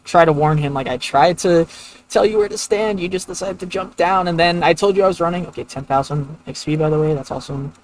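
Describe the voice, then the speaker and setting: A man with a somewhat high-pitched voice talks through his game session, drifting from a story about a dungeon run to chat about loot. His delivery is loose and conversational, full of fillers and restarts. A faint hiss of noise sits under the home desk-mic recording. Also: rough recording. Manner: rambling storyteller, many "like" fillers. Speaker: streamer. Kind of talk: casual gameplay commentary.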